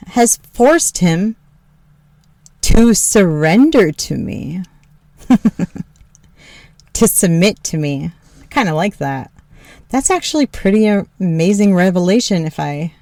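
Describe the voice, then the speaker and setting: A woman's voice: darkish tone, no echo. A woman podcast host telling a candid personal story, frank and joking, swearing freely and laughing often. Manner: mimics her husband in a lower voice.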